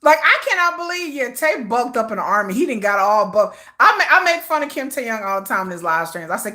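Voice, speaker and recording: A woman's voice: mid-range voice, quick pace, hardly any pauses. A woman hosting a casual fan livestream, telling stories with lots of laughter and drama. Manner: animated, laughing, dramatic storytelling. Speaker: livestream host.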